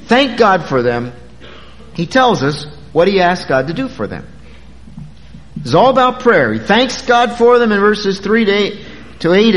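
A man's voice: high voice, a bit bright, long reverb tail, poor audio. A man preaching a sermon as pastor, talking in a conversational way and stretching key words for emphasis.

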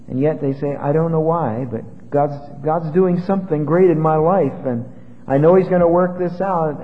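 A man preaching a sermon, swinging between loud exhortation and soft hushed asides, quoting scripture in old-style wording. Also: a little high. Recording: tinny phone-like sound with long hall reverb and faint hiss.

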